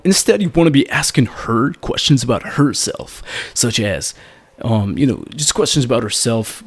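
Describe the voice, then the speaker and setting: A young man gives blunt, casual dating advice straight to the camera, keeping the energy high and calling the viewer "man" at every turn. His pitch swings widely, leaping up as he acts out the wrong way to behave and dropping low as he tells you to calm down. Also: breathy edge. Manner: animated, says "man" constantly, acts out bad examples.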